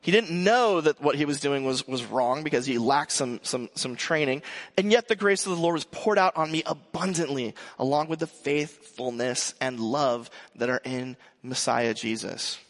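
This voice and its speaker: A male pastor in his thirties giving a sermon, joking and telling a lively family story. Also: medium pitch, moderate pace.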